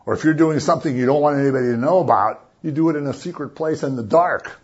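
Husky-voiced man preaching casually. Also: a little high, fast, dull audio. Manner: conversational, asks the listeners "right?" often. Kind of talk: casual sermon.

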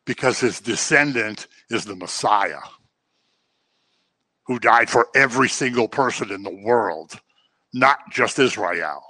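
A man's voice: medium pitch, animated, unhurried, pauses often, pushed and bright, no echo. A man giving a conversational sermon as a pastor, acting out everyday examples to make his points. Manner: conversational teaching with acted-out examples.

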